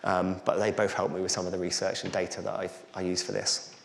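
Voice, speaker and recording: A man's voice: sits low, completely flat delivery, brisk, vocal fry, echoey room. A middle-aged Englishman, giving a candid, conversational talk with slides at a conference. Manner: candid, conversational, self-deprecating. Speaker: conference speaker.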